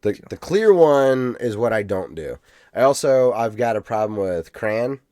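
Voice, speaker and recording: A man's voice: medium pitch, big pitch swings, measured pace, dark tone, dry recording, clean studio sound. Chatty man reading listener comments. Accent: Ohio. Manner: chatty, reads listener comments aloud, laughs easily. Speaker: podcast co-host. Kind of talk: casual podcast chat.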